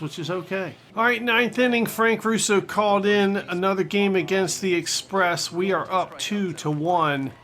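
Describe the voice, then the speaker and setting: A man hosting a gaming channel, giving jokey, excitable play-by-play of his own baseball game. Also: on the high side. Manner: excitable, jokey, talks to viewers.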